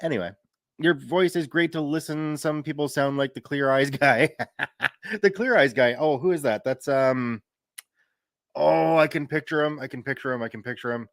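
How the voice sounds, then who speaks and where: A man's voice: fairly high pitch, moderate pace, a bit bright, dry recording, clean studio sound. A man in his thirties chatting casually on a live stream, reading viewer comments aloud and laughing easily. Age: 30s. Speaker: streamer and story reader.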